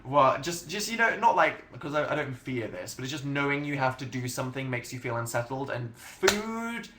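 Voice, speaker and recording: A man's voice: mid-range voice, very animated, normal speed, pushed and bright. A young English man hosting a casual livestream, rambling and self-mocking as he answers chat questions. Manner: rambling, self-mocking, chatty with frequent laughs. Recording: roomy home webcam sound.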